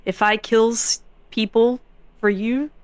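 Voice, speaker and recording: A woman's voice: fairly high pitch, steady tone, slow, clean tone, no echo, voice pushed up. A woman voicing a small, grumpy cast-iron construct that speaks in broken grammar.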